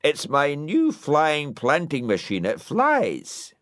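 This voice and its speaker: A man doing Mr McHenry, an excitable old inventor. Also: on the high side, slow, no room sound, clean studio sound, pitched above the performer's own voice, heavily acted. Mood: proud. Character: eager eccentric old male gardener inventor.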